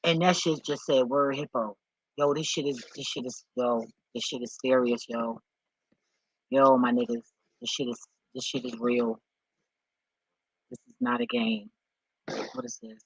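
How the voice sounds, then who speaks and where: A man talking off the cuff in a vlog, rambling and excitable, swearing often as he reads and reacts. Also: medium pitch, measured pace, pauses often, breathy edge, no room sound, rough recording. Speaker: vlogger.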